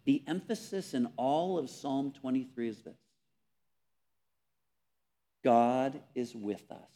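A man preaching a sermon, earnest and emphatic, repeating words and dropping softly on key phrases. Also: on the high side. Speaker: pastor.

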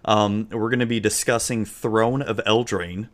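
A man from Florida co-hosting a casual podcast, relaxed and joking as he rambles. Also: lowish voice, a little slow. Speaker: podcast co-host. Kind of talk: casual chat.

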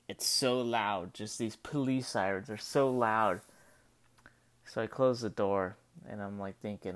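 A man's voice: mid-range voice, a bit bright. A man casually telling a spooky personal story in a rambling way, full of "like" and restarts. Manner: spooked, breathless retelling. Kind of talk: casual spoken story monologue.

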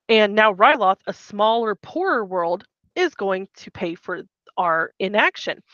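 A woman's voice: medium pitch, measured pace, few pauses, no room sound. A woman co-hosting a podcast, chatting casually through a recap and acting out the characters' lines with some swearing. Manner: animated, acts out quotes, swears casually. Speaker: podcast co-host. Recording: dull muffled mic.

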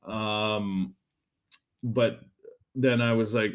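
In an unhurried way, a podcast host with a medium-pitched voice and lively intonation chats through a rambling solo monologue. He's casual and profane, and his speech is packed with fillers.

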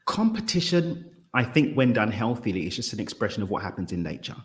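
A man with a lowish voice, speaking as a podcast guest. He talks in long, thoughtful stretches, sometimes stumbling and restarting when an idea runs ahead of him. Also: fairly quick. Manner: reflective, expansive, stumbles over words when excited. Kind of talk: casual conversational interview.

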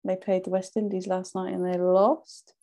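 A young woman from the East Midlands of England co-hosting a podcast, playful and quick to laugh. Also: on the low side, little pitch movement, mellow. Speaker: podcast co-host. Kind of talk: casual chat.

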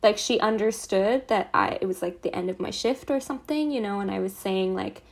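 A young woman hosting a casual conversation, expressive and gushing, with frequent "like" and "oh my God". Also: medium pitch, brisk, gravelly. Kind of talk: casual chat.

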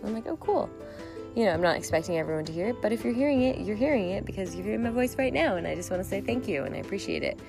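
A woman's voice: medium pitch, expressive, very fast, gravelly, few pauses. A woman hosting a solo podcast, talking in a rambling, reflective way and laughing often. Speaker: podcast host. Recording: music playing behind.

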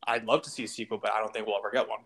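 A man's voice: on the low side, fairly even intonation, racing, fairly bright tone. Profane young man on a podcast. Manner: profane, blunt, trash-talking. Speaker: podcast host. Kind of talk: crude casual chat.

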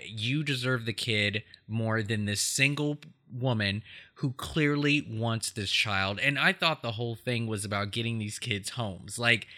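A man's voice: mid-range voice, pushed and bright. A man hosting a podcast, chatting casually about a film with many fillers and frequent laughs. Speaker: podcast host.

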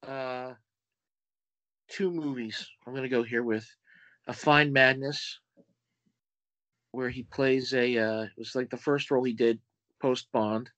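A man speaks deliberately on a film podcast, working through cast lists and release facts. His pitch sits at an ordinary middle. The recording is dry, with no room sound around him. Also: fairly even intonation, fairly bright tone, no room sound, poor audio. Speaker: podcast guest. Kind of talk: casual film chat.

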